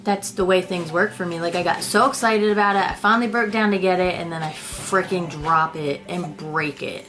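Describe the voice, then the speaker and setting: A young woman vlogger chatting casually about her makeup, rambling and self-deprecating, with casual swearing. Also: medium pitch. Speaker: beauty vlogger. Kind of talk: casual makeup declutter chat.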